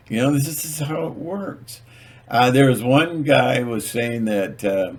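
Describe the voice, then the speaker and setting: A man's voice: medium pitch, slow, husky. A man telling stories in a casual, rambling monologue, hesitant and full of fillers, acting out little skits as he goes. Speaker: channel host.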